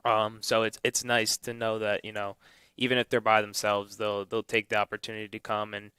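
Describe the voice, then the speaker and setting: A man's voice: fairly low pitch, monotone, fairly quick, sharp tone, smooth, no room sound. A man in his twenties from Illinois, co-hosting a casual morning radio chat from a studio, rambling with many fillers. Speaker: radio co-host. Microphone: studio microphone.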